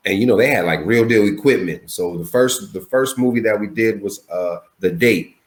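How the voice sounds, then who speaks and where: A man in his forties, a comedian guest on a remote call, telling stories in a casual, profane way and jumping up in pitch when he quotes himself. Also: moderate pace. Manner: animated, profane, jumps high for quoted lines. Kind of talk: casual storytelling interview.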